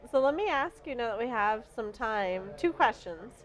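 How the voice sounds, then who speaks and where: A woman's voice: fairly high pitch, lively intonation, normal speed, low-quality recording. A woman pastor interviewing a guest on community TV, asking friendly questions. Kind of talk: casual interview.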